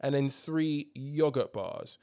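A man's voice: medium pitch, slow, dark tone. A man hosting a casual current-affairs podcast, telling a story emphatically with swearing and lots of ums. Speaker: podcast host.

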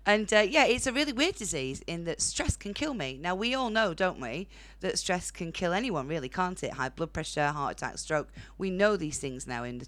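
A woman's voice: sits low, fairly bright tone. A young woman with a Northern English accent doing a blunt, chatty stand-up set on a comedy club stage, laughing at her own jokes. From Northern England.

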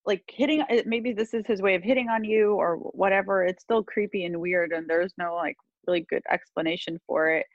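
A woman's voice: mid-range voice, fairly even intonation, a little fast, hardly any pauses, dry recording. A woman guest comic giving firm, plainspoken advice over a remote call. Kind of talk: casual advice chat. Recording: dull dry remote call audio.

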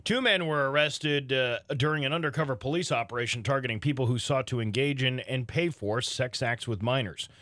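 A man co-hosting a morning radio show, reading news and telling jokes in a jokey, animated way. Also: medium pitch, fairly quick, hardly any pauses, dry recording. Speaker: radio news reader and co-host. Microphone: studio microphone.

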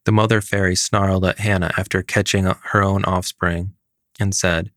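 A man narrating a fairy tale in a steady, even storytelling manner. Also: deep voice, normal speed, no echo, studio quality. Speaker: story reader.

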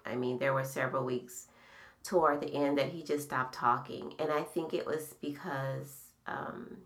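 A middle-aged woman with a low, gravelly voice, talking slowly. She hosts a podcast and shares memories in a soft, reflective manner. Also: steady tone. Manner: slow, soft-spoken, reflective storytelling. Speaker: podcast host. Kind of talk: casual heartfelt conversation.

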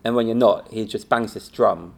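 Laughing improv teacher with gravelly voice. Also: male voice, on the low side, normal speed. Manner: animated storytelling, laughing often, acting out quotes. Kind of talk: casual anecdotal chat.

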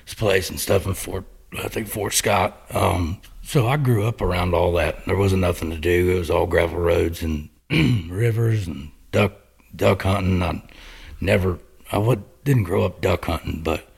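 Gravelly deep-voiced man. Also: a little slow. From Missouri, USA. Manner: laid-back storyteller, rambling with fillers. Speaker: guest. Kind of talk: casual podcast chat.

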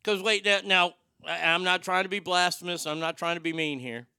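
A man hosts a talk show with loose, joking, irreverent banter. His voice is gravelly and bright, with a crisp, clean tone. The sound is dry and close. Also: high voice, fairly even intonation, a little fast, no echo. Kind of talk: casual comedic banter.

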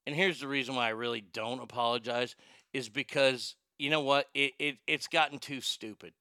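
A man's voice: medium pitch, steady tone, normal speed, bright, forceful tone, no room sound, studio quality. A man hosting a call-in show, ranting heatedly with lots of swearing and stammered restarts. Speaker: podcast host.

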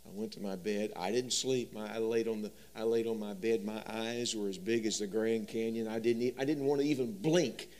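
A man preaching a sermon, telling stories and swinging from loud emphasis to soft, quiet delivery. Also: fairly low pitch, fairly even intonation, normal speed, hardly any pauses. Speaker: pastor.

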